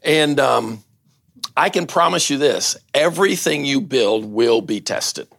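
Older male pastor, gravelly voice, playful storyteller who jokes with the crowd. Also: mid-range voice, a little slow, dry recording, clean studio sound. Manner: lively storyteller, banters and laughs with the audience. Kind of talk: casual sermon with a read-aloud story.

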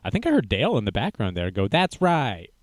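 A man's voice: lowish voice, wildly swooping pitch, very fast, a little mellow, no room sound. A man giving sarcastic, rambling casual commentary as he reacts to a video.

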